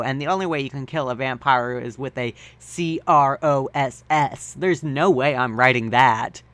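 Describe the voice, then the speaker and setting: A man co-hosting a comedy podcast, reading a story aloud deadpan and breaking off for joking asides. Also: fairly high pitch, no room sound. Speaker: podcast co-host and reader.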